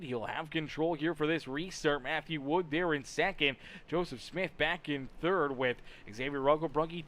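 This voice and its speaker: A man's voice: on the high side, fairly bright tone. A young man doing live play-by-play for an online racing league, chatting and teasing viewers between calls and often repeating himself. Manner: chatty and teasing, repeats phrases, stumbles over words. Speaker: sim racing league commentator. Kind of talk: live play-by-play commentary mixed with chat replies.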